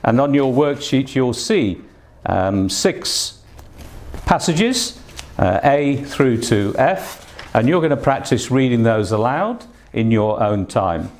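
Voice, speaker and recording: A man's voice: mid-range voice, sing-song, takes it slowly, darkish tone, slight background noise. Patient male English test tutor. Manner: patient, encouraging, frequent fillers. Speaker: English test prep teacher. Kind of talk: recorded online lesson.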